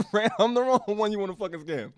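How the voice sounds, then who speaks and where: A man giving a casual developer update, telling a story in an animated, ranting way, laughing often and swearing. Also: high-pitched, clear, resonant tone, dry recording.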